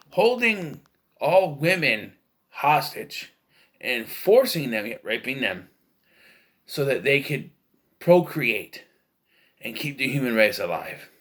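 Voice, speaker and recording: A man's voice: medium pitch, fairly bright tone. A man giving a casual, rambling, opinionated film review, full of fillers and restarts. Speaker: movie reviewer.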